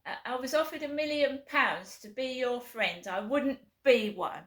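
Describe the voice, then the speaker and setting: A woman's voice: high voice, lively intonation, unhurried, fairly bright tone, roomy sound. A British woman in her fifties ranting angrily to camera on her vlog, swearing hard and jabbing with sarcasm. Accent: British English. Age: 50s. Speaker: vlogger. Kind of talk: angry rant to camera.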